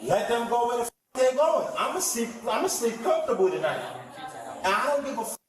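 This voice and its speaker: A drunk man arguing belligerently and shouting, recorded on distant police bodycam audio. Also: extremely high pitch, sing-song, a little fast, echoey room, a crowd in the background.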